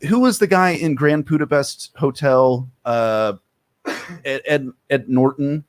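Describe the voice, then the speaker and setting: A man's voice: medium pitch, takes it slowly, no echo. A man co-hosting a comedy movie podcast, tossing in crude wisecracks and dry asides. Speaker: podcast co-host. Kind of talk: casual movie-recap banter.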